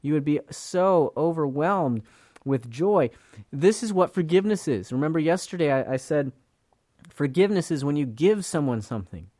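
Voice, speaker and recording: A male Bible teacher talks through scripture in an earnest, conversational way, stumbling over and repeating words as he goes. His voice sits a little high for a man. The recording is close and dry, with no room sound. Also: lively intonation, normal speed, warm tone, no room sound. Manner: earnest, repeats words, acts out quoted speakers.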